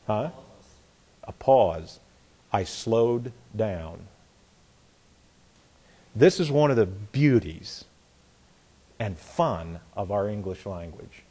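Middle-aged male Bible teacher, husky, animated delivery, folksy sermon style with read-aloud examples. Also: on the low side, takes it slowly, long pauses. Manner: folksy, repeats phrases, demonstrates by reading aloud.

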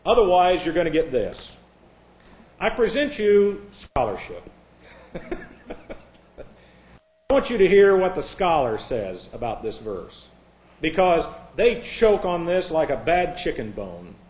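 A man preaching a sermon, combative and sarcastic, dropping to hushed asides and rising to loud outbursts. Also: fairly high pitch, very animated, unhurried, echoey room.

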